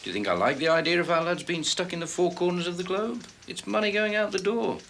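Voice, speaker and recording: An actor playing a careful, placating manager with a measured, diplomatic manner. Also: male voice, sits high, vocal fry, fairly bright tone. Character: careful, placating middle-aged male manager. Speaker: transport manager. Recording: TV drama with faint background noise.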